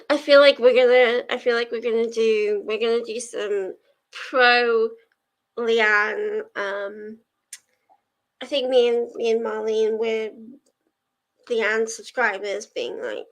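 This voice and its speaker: Slow-talking chatty young woman streamer. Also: fairly high pitch, fairly even intonation. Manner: chatty, rambling, answers chat messages. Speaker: livestream host of reading sprints. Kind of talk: casual chat with live viewers.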